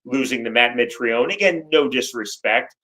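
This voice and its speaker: A man's voice: mid-range voice, normal speed, pushed and bright, low-quality recording. A man who commentates fights, speaking as a guest in a casual interview, emphatic and articulate.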